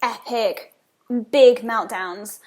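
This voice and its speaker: A woman's voice: on the high side, drawn-out words, darkish tone. Earnest woman talking parenting to camera. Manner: earnest, repeats key phrases for emphasis. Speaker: parenting vlogger. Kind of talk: casual talk to camera.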